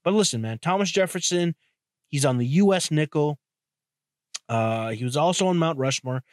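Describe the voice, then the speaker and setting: A young man hosts a solo podcast, rambling loosely and bluntly with lots of restarts, crude asides, profanity and frequent "you know". His voice is on the high side and expressive at a moderate pace. The studio-quality recording has no room sound.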